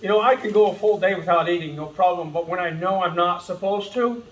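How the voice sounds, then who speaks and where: A man's voice: high voice, a little fast, distant mic, low-quality recording. A man preaching an earnest, impassioned sermon as pastor, calling his listeners folks. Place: church sanctuary.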